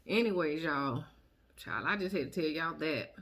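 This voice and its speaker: Sassy expressive woman in her thirties. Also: sits low, normal speed, slight background noise. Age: 30s. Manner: expressive, sassy, laughs and exclaims often. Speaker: vlogger. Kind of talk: casual chat to camera.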